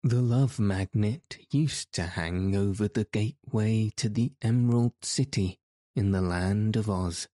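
A man reading a storybook, voicing a calm, polite wandering man who is never flustered. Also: on the low side, unhurried, no room sound, studio quality, close to an everyday voice.

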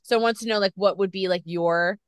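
A chatty woman interviewer talks at a middle pitch, tumbling through her thoughts with plenty of fillers. Her voice sounds close and dry, with no room around it. The setting is a relaxed video call. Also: brisk, no echo. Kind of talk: casual interview chat.

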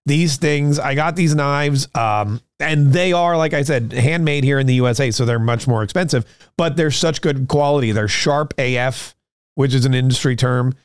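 Man, podcast host, casual rambling talk, mid pitch, dry close mic. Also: moderate pace, clear, resonant tone, no echo. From United States. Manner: rambling, conversational, frequent restarts. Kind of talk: casual political talk with merch plug.

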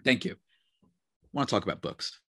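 A man's voice: lowish voice, animated, moderate pace, fairly bright tone, slightly rough, no room sound, clean studio sound. A man co-hosting a podcast, chatting casually and rambling with lots of filler words. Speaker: podcast co-host. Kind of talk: casual chat.

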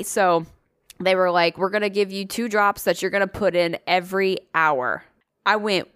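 A woman co-hosting a podcast tells a story in casual chat, swearing freely and acting out the voices of the people involved. Her voice is fairly low, steady, moderately paced, and fairly bright, with a clean, studio-quality sound and no room noise.

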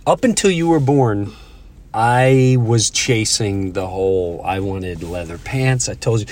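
A man's voice: fairly low pitch, animated, a little mellow, no echo. Middle-aged man telling stories casually. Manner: storytelling, halting restarts. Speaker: podcast host. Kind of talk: casual chat.

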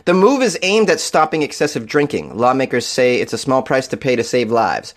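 A man's voice: mid-range voice, sing-song, fairly quick. A man hosting an odd-news show, reading stories aloud and riffing on them with sarcastic, profane jokes and frequent laughter.

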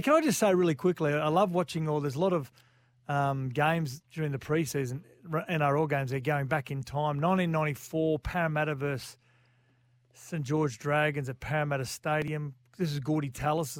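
A man's voice: fairly high pitch, a little fast, no room sound. A man co-hosting a sports radio show, blunt and dismissive in his banter. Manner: blunt, dismissive, grumbling rebuttals. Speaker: radio co-host. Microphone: studio mic.

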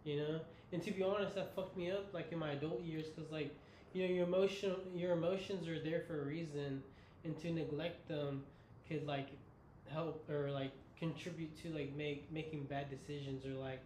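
Halting young man in an echoey room. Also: on the high side, fairly even intonation, darkish tone. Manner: halting, heavy use of "like". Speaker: podcast guest. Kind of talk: casual chat. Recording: echoey room with faint noise.

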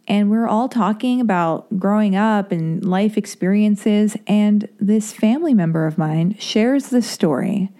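Chatty, mellow-voiced woman podcast host. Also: medium pitch, unhurried, few pauses. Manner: chatty and rambling, heavy on fillers, self-mocking. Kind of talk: casual solo podcast intro.

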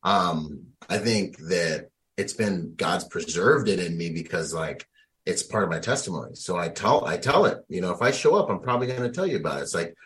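Male veteran guest, low voice, animated storyteller with street slang. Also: brisk. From United States. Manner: animated, slangy, laughs often. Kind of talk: conversational storytelling.

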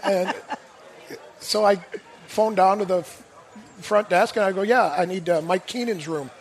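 A man's voice: high voice, a little slow. A middle-aged man, a former hockey player and guest, telling dry, funny stories in casual chat, laughing and quoting others. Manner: wry, laughs through stories, quotes others.

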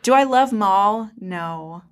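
A woman's voice: mid-range voice, animated, takes it slowly. A woman co-hosting a podcast, chatting casually and enthusiastically about a cartoon series. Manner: enthusiastic, gushing, joking. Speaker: podcast co-host. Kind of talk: casual chat recapping a cartoon.

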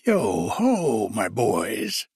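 A man voicing a jolly, fat old male merchant with hearty, booming calls in a storybook reading. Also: huge pitch swings, very slow, a little mellow, slightly rough, no echo, clean studio sound, exaggerated voice. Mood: jovial.

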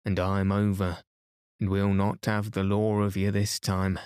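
A man voicing a rough male traveller who claims a stolen baby, with a slow drawling dialect. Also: low voice, monotone, darkish tone, no room sound, studio quality. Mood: boastful.

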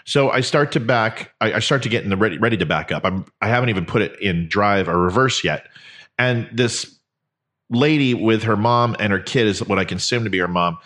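A man's voice: fairly low pitch, a little fast. A man hosting a podcast, telling a story in a monologue and acting out the dialogue as he goes. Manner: animated, acts out quoted dialogue. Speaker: podcast host.

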